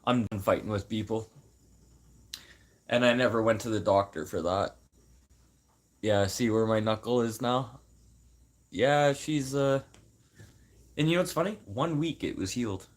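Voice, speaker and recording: A man from Manitoba venting in a casual, unscripted talk to camera, swearing a lot and swinging from loud outbursts to low mutters. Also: unhurried, pauses often. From Manitoba, Canada. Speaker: vlogger.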